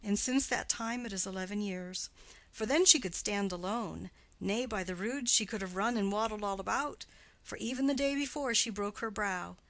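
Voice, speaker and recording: A woman reading the part of a garrulous, doting old nurse in an audiobook play, with her voice climbing high and loud as she rambles. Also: normal speed, no room sound, close to an everyday voice, rough recording. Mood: rambling.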